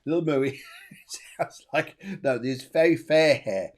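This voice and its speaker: A man's voice: medium pitch, slow. Chatty man hosting a psychic show. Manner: chatty, repeats words, laughs often. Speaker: medium and show host. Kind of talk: live psychic reading show.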